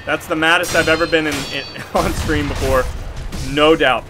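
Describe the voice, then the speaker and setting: A man's voice: on the high side, steady tone, normal speed, over music. Swearing, raging man streaming a game. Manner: swearing, raging, laughing at himself. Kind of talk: live gaming stream commentary.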